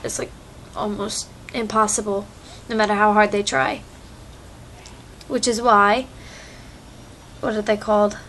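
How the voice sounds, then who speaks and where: A woman's voice: medium pitch, little pitch movement, a little slow, pauses often, fairly bright tone, slight background noise. A young American woman chatting casually in a vlog, rambling with lots of fillers, recorded on a phone. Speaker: vlogger. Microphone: phone microphone.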